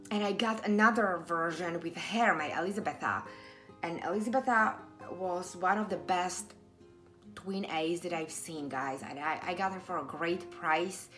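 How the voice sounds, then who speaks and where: A woman's voice: fairly low pitch, a bit bright. A middle-aged woman chatting casually to camera about her hobby, emotional and full of restarts and fillers. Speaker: doll collector vlogger.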